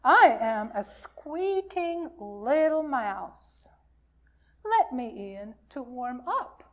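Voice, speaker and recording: A timid little storybook mouse, voiced by a woman reading a folktale asks to be let in from the cold. The voice sits high and moves slowly. The asking is gentle. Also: sing-song, full character voice. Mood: pleading. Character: squeaking little mouse seeking warmth. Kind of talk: storytelling for all ages.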